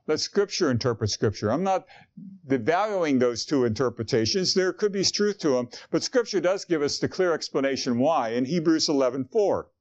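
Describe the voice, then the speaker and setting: A man's voice: on the high side, animated, moderate pace, highs cut off. A man preaching a sermon in an earnest, conversational way, asking his listeners questions. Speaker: pastor.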